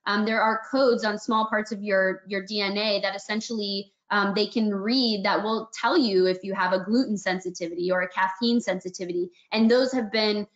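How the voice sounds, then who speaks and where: A woman's voice: mid-range voice, fairly bright tone. Woman, panel expert, fluent explanations, webinar, muffled lo-fi call audio. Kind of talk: online webinar Q&A.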